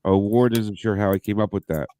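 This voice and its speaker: A man's voice: fairly low pitch, fairly even intonation, a little fast, warm tone, a little hiss or hum. A man co-hosting a casual podcast, reading news items aloud and joking with profanity. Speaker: podcast co-host.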